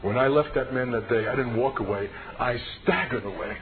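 An American man with a medium-pitched voice delivers a brisk, emphatic personal testimony sermon with real passion. A crowd can be heard behind him. It comes through a tinny, noisy radio broadcast.

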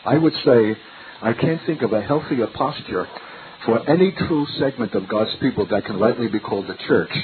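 A man's voice: mid-range voice, expressive, normal speed. An older man preaching a sermon in an earnest, searching way, full of rhetorical questions. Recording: tinny lo-fi recording with faint hiss.

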